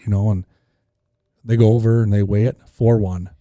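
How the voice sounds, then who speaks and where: A man tells a fishing story on a podcast in a very dark, mellow voice, playing the people in it as he goes. The sound is dry and close. His pitch sits a little low. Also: quick pace, no echo. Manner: animated storyteller acting out voices. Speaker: fishing guide.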